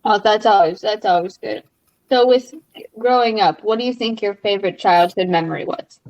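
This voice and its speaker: A woman's voice: medium pitch, normal speed, darkish tone, muffled recording. A woman interviewing a guest, asking questions hesitantly with many likes and restarts. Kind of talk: casual interview.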